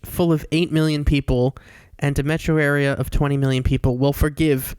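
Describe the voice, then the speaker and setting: A man's voice: a little high, little pitch movement, a little fast, a little mellow, clear, resonant tone, no room sound. A young man co-hosting a podcast from his home, joking in a dry, playful way. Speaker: podcast co-host. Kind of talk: casual chat. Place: home in Queens.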